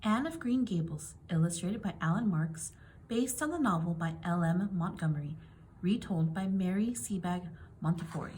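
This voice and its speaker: A woman reading a children's picture book aloud in a gentle, clear and expressive way. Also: on the low side, normal speed, slight background noise. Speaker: storybook reader.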